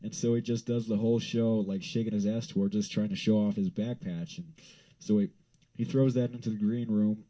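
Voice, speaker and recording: A man from Wyoming telling a rambling, profane story in a casual vlog, swinging into loud exasperated rants. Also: fairly low pitch, fairly even intonation, fairly quick, poor audio.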